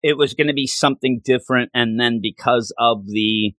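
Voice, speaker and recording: A man's voice: medium pitch, normal speed, fairly bright tone, dry recording. A man co-hosting a casual chat, talking with enthusiastic rambling and acting out lines from the story. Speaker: comic book podcast co-host.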